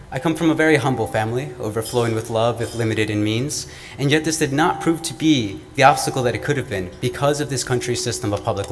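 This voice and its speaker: A young man from the American Midwest giving an earnest, measured, oratorical student speech at an event. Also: mid-range voice. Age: young adult. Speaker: student speaker. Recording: long hall reverb, faint room noise.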